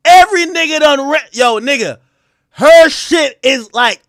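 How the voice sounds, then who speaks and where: A man delivers a profane live-stream rant to his chat in a very high voice that leaps up and down in pitch. He's animated and crude, unhurried overall but breaking into shouts at times, with close, dry sound and no room around it.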